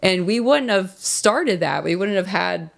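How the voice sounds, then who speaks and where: A woman co-hosting a casual podcast with an unhurried, earnest delivery. She comes from West Virginia and talks in a chatty, personal way. Her pitch sits in a normal middle range. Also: lively intonation, gravelly. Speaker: podcast co-host. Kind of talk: casual chat.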